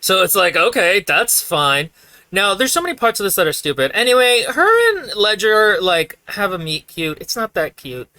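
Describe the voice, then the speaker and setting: Dry-joking podcast co-host, bright voice. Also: medium pitch, wildly swooping pitch, normal speed, few pauses, no echo. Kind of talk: casual book-roast chat.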